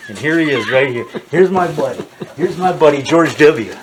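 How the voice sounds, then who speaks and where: A man's voice: on the high side, animated, normal speed, distant mic, background noise. An older man, a horror filmmaker, talking casually in a rambling, digressive way with many restarts and asides.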